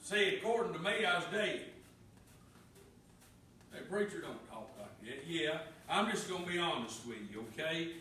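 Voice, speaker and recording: A preacher, a middle-aged man, delivers a folksy sermon in a high, bright, ringing voice. He swings from loud declarations down to near-whispered confessions. He is captured from a distance in a very echoey church with faint room noise. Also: animated, normal speed. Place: church sanctuary.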